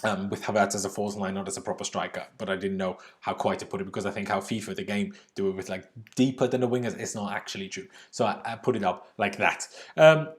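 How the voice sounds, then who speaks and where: A young man hosts a casual livestream, reading viewer comments out loud and answering them in a chatty, informal way, swearing now and then. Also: fairly low pitch, fairly even intonation, quick pace, few pauses. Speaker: livestream host.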